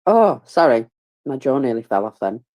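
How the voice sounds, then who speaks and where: A woman's voice: a bass voice, very animated, normal speed, lo-fi sound. A tired, yawning woman gives casual live commentary on a war, chatty and informal, with many fillers and wry, self-mocking asides.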